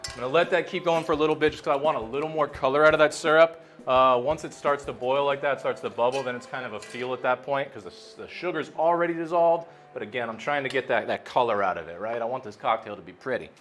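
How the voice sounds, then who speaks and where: A man's voice: mid-range voice, quick pace, a bit bright. A man who works as a bartender, talking casually and chattily while he makes a cocktail. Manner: laid-back, chatty, says "man" a lot. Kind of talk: casual cocktail-making demo.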